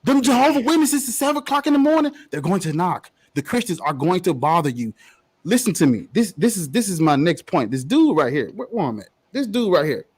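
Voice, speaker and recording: A young man with a husky, breathy voice argues fiercely in a street debate. He swears freely and preaches his points. His pitch sits high and jumps around with lively swings. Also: fairly quick. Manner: fiery, profane, preachy. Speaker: debate participant.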